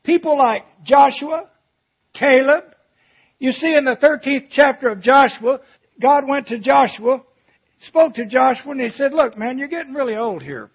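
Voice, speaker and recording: Husky high-voiced man preaching a sermon. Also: normal speed, muffled recording. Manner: swings from shouted emphasis to quiet, reflective reading.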